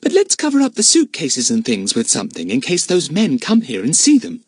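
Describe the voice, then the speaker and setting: A man voicing a bossy, squeamish young girl who talks in a shrill, scornful way. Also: wildly swooping pitch, fairly quick, darkish tone, breathy edge, no echo, clean studio sound, full character voice. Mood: eager.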